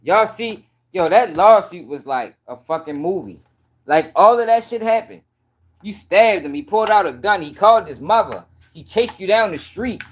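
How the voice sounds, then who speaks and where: A tired young man hosting a late-night livestream, chatting with viewers in a casual, profane, animated way. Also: high-pitched, normal speed. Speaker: livestream news commentary host.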